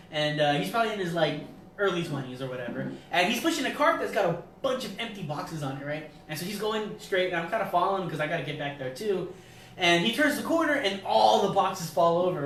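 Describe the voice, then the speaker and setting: A man co-hosting a casual podcast, telling crude stories in an animated way. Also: sits high. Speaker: podcast co-host. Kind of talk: casual chat. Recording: echoey room, far from mic, faint noise.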